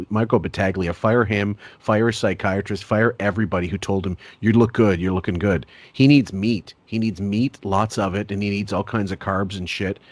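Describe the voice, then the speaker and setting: A man with a low voice riffs crudely and rambles through comic commentary, breaking into laughs as he goes. The sound is dry and close. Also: dry recording. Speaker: podcast host. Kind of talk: casual comedic commentary.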